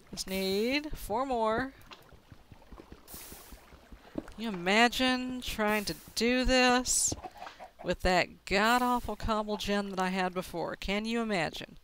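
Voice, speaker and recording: Woman gamer, chatty self-narration, mid pitch, faint noise behind. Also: fairly bright tone. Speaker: let's play gamer. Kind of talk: casual game commentary.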